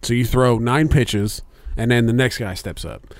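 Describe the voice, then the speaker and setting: A man's voice: mid-range voice, moderate pace, no room sound. A man co-hosting a casual podcast, telling a rambling, profane story with lots of fillers. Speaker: podcast co-host.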